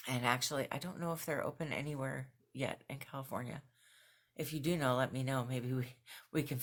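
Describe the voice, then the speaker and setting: Chatty woman telling a road trip story. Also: very deep voice. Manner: chatty, animated when quoting herself, laughs between phrases. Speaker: vlogger. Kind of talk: casual video journal storytelling. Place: at home with her cat nearby.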